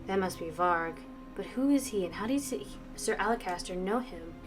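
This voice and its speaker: A woman streamer reading a visual novel aloud, brisk narration with playful asides. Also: mid-range voice, expressive. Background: faint game music.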